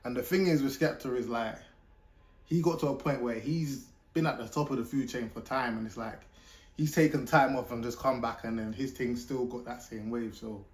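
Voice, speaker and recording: A man's voice: medium pitch, steady tone. British man reacting casually to a track. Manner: chatty, pauses the track to comment. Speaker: reaction video host.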